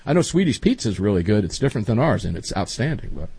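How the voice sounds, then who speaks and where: A man's voice: on the low side, sing-song, fast talker, vocal fry, dark tone, husky, dry recording. A man hosting a talk show in casual chat, folksy, rambling and enthusiastic.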